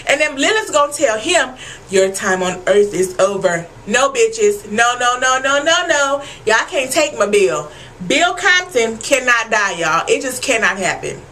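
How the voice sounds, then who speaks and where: A woman with a high, bright voice recapping a TV episode for her vlog audience. She is animated and emphatic, swears freely and keeps calling out to the viewers. Her tone stays sharp and forward. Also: unhurried, slight background noise, low-quality recording. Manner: animated, profane and emphatic, addressing viewers as y'all. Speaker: TV episode reviewer.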